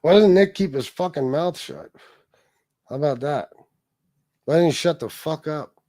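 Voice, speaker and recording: A man's voice: on the high side, lively intonation, normal speed, mellow, dry recording. A man hosting a livestream, talking bluntly and swearing often in casual chat. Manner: profane, blunt. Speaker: livestream host.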